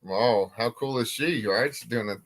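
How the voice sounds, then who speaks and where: Bright-voiced dad chatting with his kid. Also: mid-range voice, moderate pace. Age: adult. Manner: chatty, encouraging, asks questions. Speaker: host interviewing his young daughter. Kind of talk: casual family chat.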